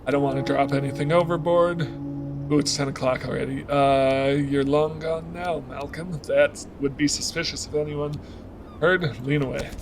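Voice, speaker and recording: A man's voice: on the high side, steady tone, moderate pace, noisy background. A man narrating his moves in a story game, thinking aloud and reading out choices. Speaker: let's play streamer.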